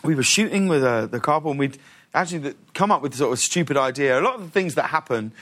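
A man with a rather high voice tells a story as a guest on a television talk show. He talks in an animated way and keeps breaking into laughter. His sentences are full of "like" and "uh". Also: fast. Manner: laughs often, fills with "like" and "uh". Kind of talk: animated anecdote telling. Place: television studio.

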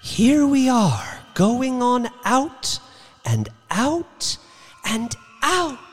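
A man voicing an elderly devout woman drifting through space, speaking in a slow, wondering, prim way. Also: very high voice, wildly swooping pitch, husky, in a large hall, soft background music, voice pushed up, full character voice. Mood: awed, serene.

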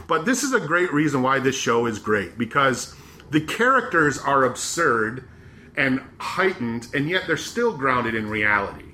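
A man hosting a podcast, chatting casually and retelling scenes with animated laughter. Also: mid-range voice, unhurried, a little hiss or hum. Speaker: podcast host. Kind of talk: casual chat.

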